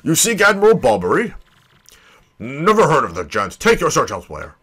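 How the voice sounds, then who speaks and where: Curt old bomb sailor, voiced by a man: gruff, brushes people off. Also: fairly high pitch, wildly swooping pitch, normal speed, fairly bright tone, voice pushed up, exaggerated voice. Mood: dismissive. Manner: curt and dismissive.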